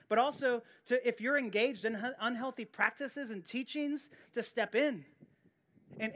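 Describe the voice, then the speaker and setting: A woman's voice: high voice, fairly bright tone. Earnest woman preaching a sermon. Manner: earnest, emphatic preaching with repetitions and restarts. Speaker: pastor.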